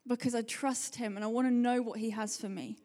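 A woman preaches in a lively, conversational way, telling everyday stories in quick bursts. Her voice sits fairly high. A long reverb hangs behind her, as in a church hall. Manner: chatty, animated storytelling, fast bursts. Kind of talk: sermon.

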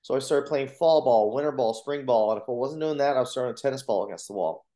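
A man, a motivational coach and speaker, earnestly telling his personal story in a podcast interview, with lively retellings of what people said. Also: mid-range voice, quick pace. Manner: earnest, animated retelling with acted quotes. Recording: roomy echo.

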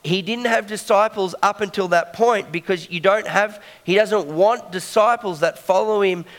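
A man with a fairly high voice preaches a sermon. He talks conversationally and keeps checking that his listeners are following him. His voice carries a long reverb from a church hall. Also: moderate pace, a bit bright.

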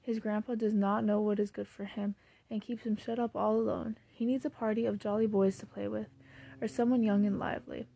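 Woman reading as Jo, a bold lively girl. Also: mid-range voice, fairly quick, creaky, lightly acted. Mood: musing. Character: bold, lively teenage girl, daring and kind.

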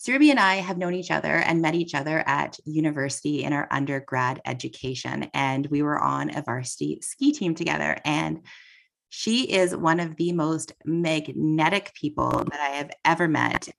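A woman's voice: sits low, gravelly, a bit bright. A woman hosting a podcast interview, talking earnestly and effusively, with a cold. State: has a cold. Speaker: podcast host.

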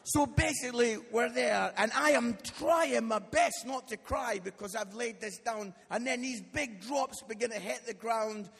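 High, husky Scottish preacher in reverberant hall. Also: male voice, a little slow, few pauses, fairly bright tone. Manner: jokey, tags lines with "yeah?", acts out quotes. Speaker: guest preacher. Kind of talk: humorous storytelling sermon. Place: church hall, live audience. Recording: live church hall with long reverb.

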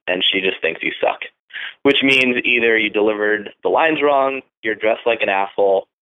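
A man's voice: on the low side, clean tone. A man hosting a dating-advice podcast, talking bluntly and casually with plenty of swearing, acting out pickup lines as he goes. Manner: profane, blunt, acts out lines in quick asides. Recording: phone-like narrow band.

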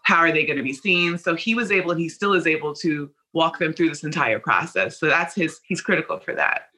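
A woman's voice: low-pitched, brisk, bright, forceful tone, low-quality recording. A woman producer explaining a colleague's role in a casual interview, in a matter-of-fact way. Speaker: producer on the show.

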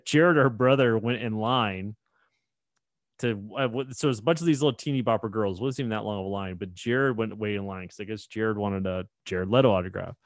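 A man with a gravelly, somewhat low voice spins a rambling story for his podcast, full of restarts and chuckles. The sound is close and dry, with no room around it. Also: dry recording. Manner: rambling anecdote with frequent restarts and laughter. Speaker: podcast co-host. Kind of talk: casual storytelling chat.

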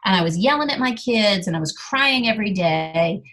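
A middle-aged woman speaking as a guest, candidly telling a personal story with lively delivery. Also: mid-range voice, normal speed. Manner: animated, acts out quoted dialogue.

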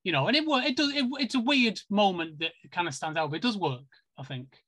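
A British podcast co-host with a bright, slightly high voice rambles casually through movie talk. He hesitates often, filling gaps with ums and likes. The recording is close and dry. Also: lively intonation, quick pace, no room sound. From United Kingdom. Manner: chatty, hesitant, many fillers. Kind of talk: casual chat.

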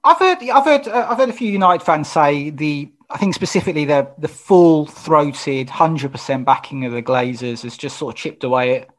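A man hosting a podcast interview, asking questions in a quick, inquisitive way and thinking aloud as he goes. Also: on the high side, lively intonation. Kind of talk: casual interview chat.

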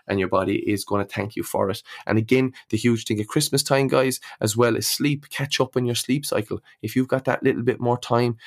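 Male fitness coach hosting his podcast, low voice, little melody, repeats himself. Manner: repeats words, coaching tone, addresses listeners as guys. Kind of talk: solo podcast advice.

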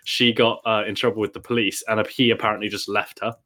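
A man's voice: fairly low pitch, little pitch movement, fast talker, pushed and bright. A young man, telling a story to friends in a casual chat. His telling rambles, he giggles often, and he acts out the people he quotes. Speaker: podcast co-host.

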